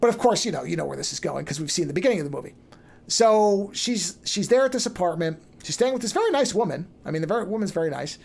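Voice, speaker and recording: Podcast host recapping an anime, chatty and animated, mid-pitched voice, lots of restarts. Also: gravelly, husky. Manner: animated storytelling, acting out characters' lines in quick asides; loose and chatty, frequent restarts. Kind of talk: casual chat, retelling an anime plot.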